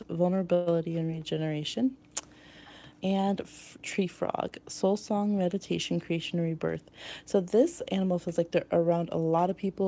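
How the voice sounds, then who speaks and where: A woman with a fairly low voice that has a gravelly, creaky edge and a dark, mellow tone. She gives a pick-a-card tarot reading. She rambles intuitively and pads her thoughts with fillers.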